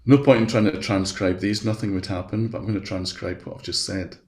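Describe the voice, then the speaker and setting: Deep gravelly man demoing software. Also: fairly even intonation, a little fast. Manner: chatty, walks through steps aloud. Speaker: education specialist presenting a webinar. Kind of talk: live software demonstration. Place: at his computer. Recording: roomy echo.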